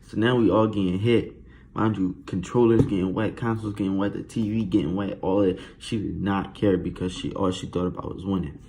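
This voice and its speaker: Low-voiced slangy storyteller. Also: male voice, steady tone, fairly quick, mellow. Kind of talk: casual storytime vlog.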